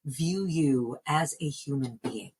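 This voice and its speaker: A woman's voice: low voice, lively intonation, slow, a little mellow, slightly rough, rough recording. An American woman from New Jersey, a voice coach, answering interview questions in an earnest, reflective way. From New Jersey, United States. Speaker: voice coach and actor.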